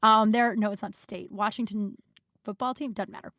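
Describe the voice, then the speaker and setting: A woman's voice: medium pitch, steady tone, normal speed, a bit bright, no room sound, clean studio sound. A young woman hosting a podcast, telling rambling stories in casual chat, with plenty of fillers and swearing. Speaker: podcast host. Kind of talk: casual storytelling monologue.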